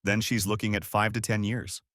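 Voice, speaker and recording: A man's voice: on the low side, little pitch movement, normal speed, fairly bright tone, no echo, clean studio sound, lightly acted. A man voicing a tired but satisfied female federal agent who speaks matter-of-factly, in a story reading.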